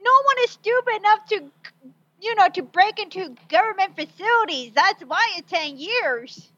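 A woman co-hosting a casual podcast chat, quick and emphatic with a sarcastic edge. Her voice is high and bright. The sound is dry but dull and lo-fi, as if it comes over an online call. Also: expressive. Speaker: podcast co-host.

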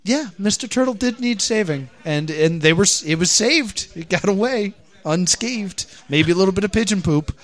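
A man hosting a comedy podcast, joking and telling stories in a casual, animated way. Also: high-pitched, normal speed, hardly any pauses. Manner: jokey, animated storytelling. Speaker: podcast host. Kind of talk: casual chat.

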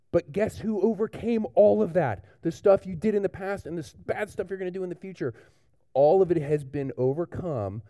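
A man preaching a children's sermon in church, telling a picture-book story in a lively, animated way to the young ones. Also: high-pitched, no room sound, studio quality. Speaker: pastor.

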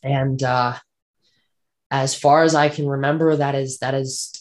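A man's voice: mid-range voice, level tone, measured pace. A man, a guest on an interview show, telling a personal ghost story earnestly and vividly, repeating phrases for emphasis.

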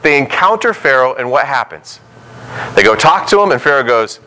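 Bright-voiced male pastor preaching. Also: medium pitch, lively intonation, fast, a little hiss or hum, rough recording. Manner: conversational, acts out voices of biblical figures. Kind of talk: sermon.

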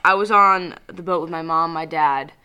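Casting: young woman co-host, lowish but bright, sharp voice, animated, swears freely. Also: normal speed, clear, resonant tone. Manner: animated, profane, laughs easily, acts out quotes. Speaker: podcast co-host. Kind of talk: casual podcast chat, storytelling.

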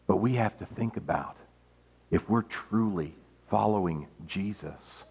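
A man preaching an earnest sermon, his pitch rising and falling for emphasis as he reads and explains scripture.

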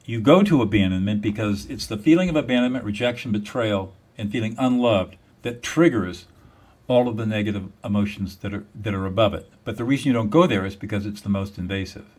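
A man's voice: lowish voice, brisk, a little mellow. A man speaking as a guest in an interview, explaining a method step by step in an emphatic, repetitive teaching manner. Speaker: guest, mediator.

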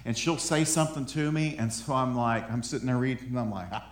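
In an echoey room with listeners present, a male pastor delivers a conversational sermon in a mid-range voice, going a little fast. He builds his points by repeating words again and again.

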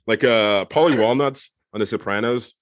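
A man's voice: mid-range voice, moderate pace, dry recording, clean studio sound. A man co-hosting a podcast in casual chat, rambling and joking as he corrects himself. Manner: rambling, jokey, self-correcting. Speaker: podcast co-host.

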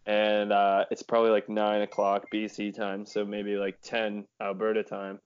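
A man's voice: on the low side, completely flat delivery, moderate pace, smooth, highs cut off. A man hosting a casual podcast over beers, telling a rambling story and swearing freely. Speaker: podcast host.

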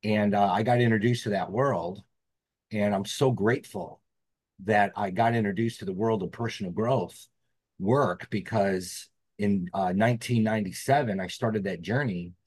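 A man's voice: on the low side, moderate pace, darkish tone, dry recording. A man, a podcast guest telling a personal story in an earnest, reflective way. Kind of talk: storytelling interview.

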